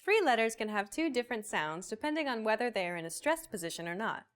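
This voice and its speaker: Lesson host, woman, slightly high and animated, soft music under. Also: fast talker. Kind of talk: scripted lesson narration.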